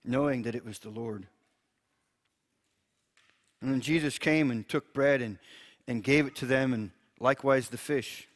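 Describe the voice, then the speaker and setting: A man who preaches in a gentle way, reads scripture aloud and chuckles often while he teaches. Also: mid-range voice, unhurried, pauses often. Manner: gentle, chuckles often, repeats words when restarting.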